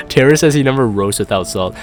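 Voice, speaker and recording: A young man chatting casually as a gaming YouTuber, rambling and self-deprecating while reading live comments. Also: medium pitch.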